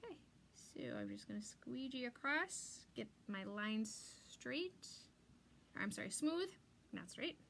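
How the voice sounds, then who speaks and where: High bright-voiced lady rambling through a live craft stream, little bit of hiss. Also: very animated, unhurried, gravelly. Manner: chatty, rambling, reads viewer comments. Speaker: craft livestream host. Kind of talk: live crafting demo chat.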